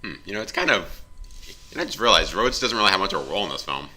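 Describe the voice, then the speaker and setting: A young man co-hosting a casual movie commentary, making quick dry jokes. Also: low-pitched, expressive, bright, forceful tone. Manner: quick, dry, joking remarks.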